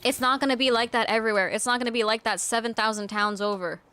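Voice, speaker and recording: A woman streamer chatting casually while gaming, ranting with lots of swearing and sudden loud outbursts. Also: on the high side, steady tone, quick pace, smooth. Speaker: game streamer.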